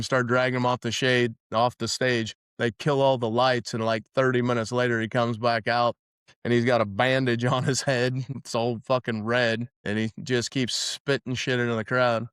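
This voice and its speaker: A man's voice: medium pitch, fairly bright tone, smooth, dry recording, clean studio sound. A man hosting a podcast, telling rowdy concert stories in a rambling, profane way with many restarts. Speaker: podcast host. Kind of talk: casual storytelling chat.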